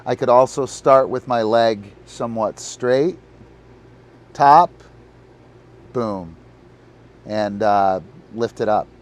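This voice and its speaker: A slow-talking laid-back dog trainer man. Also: mid-range voice, steady tone. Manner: rambling, full of fillers, talks to his dog between explanations. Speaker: disc dog trainer hosting a live stream. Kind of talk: casual live-stream coaching.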